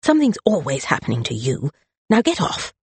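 A narrator voicing a sharp-tongued, impatient young woman who snaps and hisses her words. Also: mid-range voice, huge pitch swings, a little fast, creaky, breathy edge, dry recording, exaggerated voice. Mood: snappish. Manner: acid, snappish.

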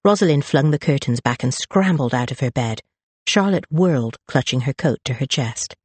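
An audiobook narrator reading a story in an expressive, lively way, close on the mic. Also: mid-range voice, normal speed, husky, no room sound. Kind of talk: scripted narration.

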